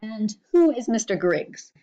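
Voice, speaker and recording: A woman doing a husky, brisk old-time doctor. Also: fairly high pitch, very animated, warm tone, voice pushed up. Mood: questioning. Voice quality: hoarse, husky voice. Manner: brisk, questioning, kindly commanding. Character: British country doctor, middle-aged man, brisk and curious. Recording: slightly dull lo-fi recording.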